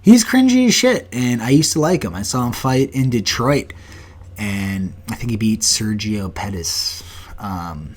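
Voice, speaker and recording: A man in his twenties hosting a solo podcast, talking bluntly and profanely with animated asides. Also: lowish voice, unhurried, husky. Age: 20s. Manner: blunt, profane and animated, breaks into mock voices. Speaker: podcast host. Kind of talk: casual solo podcast rant.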